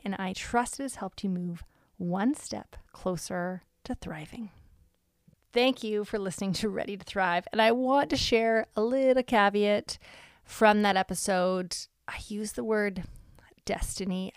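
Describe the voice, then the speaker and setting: A woman hosts a devotional podcast in an earnest, conversational voice. Her tone has a gravelly, fry-edged texture, and she pauses often with ums. The sound is dry and close, with no room heard. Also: medium pitch, dry recording. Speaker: podcast host. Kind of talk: faith-based devotional podcast talk.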